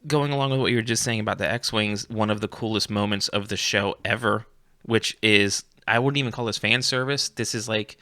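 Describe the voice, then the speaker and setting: A man with a lowish voice but a bright, forceful edge, chatting as a podcast co-host. He argues his points eagerly and jumps in quickly. The recording is dry and close. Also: dry recording. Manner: eager, debating, quick to jump in. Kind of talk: casual chat.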